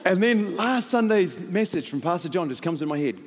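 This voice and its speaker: A middle-aged male pastor, telling a story in a sermon, laughing often and building to shouts. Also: high-pitched, animated, moderate pace, big-room sound.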